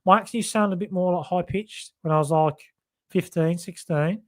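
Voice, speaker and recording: With a high voice and a slightly quick pace, a young man from Solihull near Birmingham hosts a casual podcast, his local accent now faded. Chatty and self-correcting, he wanders along as he reads viewer comments aloud.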